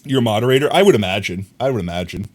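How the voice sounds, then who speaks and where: A young adult man livestreaming, chatting casually and teasingly with his viewers while he plays a game. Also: racing. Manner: playful and teasing, talks straight to chat; animated, rising pitch swings.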